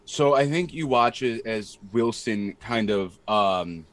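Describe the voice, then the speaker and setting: A man playing a tabletop game, casually asking questions and planning his character's moves out loud. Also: lowish voice, expressive, slow pace. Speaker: player. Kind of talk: tabletop role-play.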